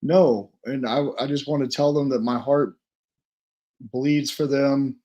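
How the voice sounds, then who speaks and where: A man, a guest witness on a podcast interview, speaking haltingly and emotionally, with self-deprecating asides. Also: medium pitch, steady tone, warm tone.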